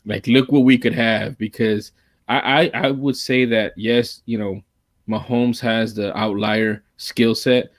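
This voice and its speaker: Low-voiced man rambling through sports talk. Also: a little slow, no echo. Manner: rambling, restarts often, calls himself monotone. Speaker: podcast co-host.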